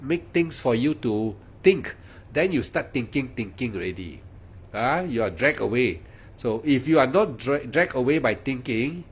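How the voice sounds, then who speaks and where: A man's voice: mid-range voice, husky. A man, giving a guided meditation talk in a repetitive, coaxing way with frequent "ah" and "lah" fillers. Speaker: meditation teacher.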